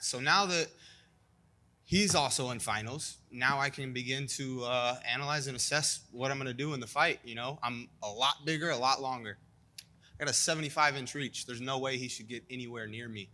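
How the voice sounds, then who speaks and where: A man's voice: medium pitch, bright, forceful tone. A young man in a post-fight interview, talking confidently and cockily, with frequent "you know" fillers.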